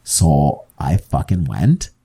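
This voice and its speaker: A man's voice: rumbling low, slow, breathy edge. A young man from Canada hosting a podcast, telling casual stories with lots of swearing and acted-out quotes. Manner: animated, swears a lot, jumps into mock quotes. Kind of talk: casual chat, storytelling.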